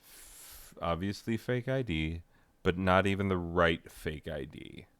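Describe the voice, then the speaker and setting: A man's voice: deep voice, a little slow, a bit bright, smooth, no echo. A man reviewing a game in casual, tangential commentary, often losing his train of thought and making self-deprecating asides.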